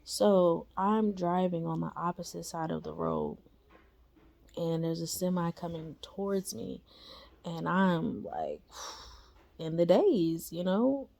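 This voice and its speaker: Low, gravelly woman telling a story. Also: unhurried, dark tone. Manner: chatty, slangy, lots of fillers and tag questions. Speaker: storyteller sharing a spiritual experience. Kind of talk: casual personal storytelling.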